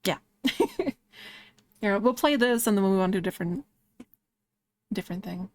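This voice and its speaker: A woman's voice: mid-range voice, expressive, moderate pace, no echo. A woman streamer chatting casually while she draws, rambling with lots of "like" fillers. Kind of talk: casual chat while drawing on a live stream.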